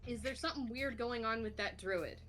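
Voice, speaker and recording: A woman's voice: fairly high pitch, fairly quick, fairly bright tone, soft background music. A woman playing in a tabletop game, giggly and flustered, asking lots of questions. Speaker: player.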